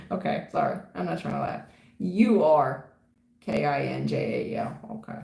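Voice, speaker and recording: A woman's voice: very deep voice, animated, slow pace, gravelly, mellow. A woman reading tarot for viewers on a livestream, blunt and casual, calling people hun and baby, laughing and swearing. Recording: roomy echo with faint noise.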